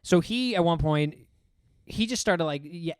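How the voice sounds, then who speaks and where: A man's voice: a little high, measured pace, clear, resonant tone, no echo, studio quality. A young man from Long Island telling stories in casual chat, swearing freely and acting out what people said. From Long Island, New York. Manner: swearing, animated storytelling with acted-out quotes. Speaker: podcast co-host.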